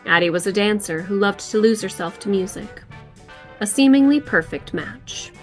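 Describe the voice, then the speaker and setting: A woman reads true-crime narration for a podcast at an ordinary pitch. She tells the story at an even, measured pace. Soft music sits faintly behind her voice. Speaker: podcast co-host.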